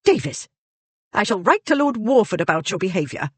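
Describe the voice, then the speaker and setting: A woman's voice: medium pitch, sing-song, brisk, slightly rough, no room sound, pitched above the performer's own voice. A narrator voicing a haughty, scornful elderly aristocratic woman, the heroine's great-aunt, in a storybook reading.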